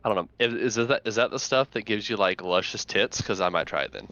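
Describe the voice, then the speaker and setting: Young male gaming buddy, lowish voice with a sharp bright tone, quick with jokes and complaints. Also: muffled recording. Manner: wisecracking and complaining. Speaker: co-op gaming partner. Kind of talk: casual gameplay chat.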